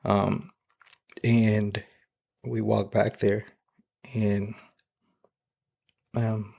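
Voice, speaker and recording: A man, a podcast guest, telling an emotional personal testimony in a halting way, with many fillers and restarts, near tears. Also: fairly low pitch, little pitch movement, creaky, a little mellow.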